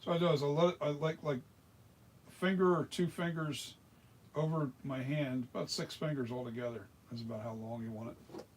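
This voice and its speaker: A man's voice: fairly high pitch, fairly even intonation, normal speed. Middle-aged man, rambling workshop chat, mutters to himself, faint background hiss. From South Jersey, US. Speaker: mask maker. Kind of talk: casual workshop chat while working.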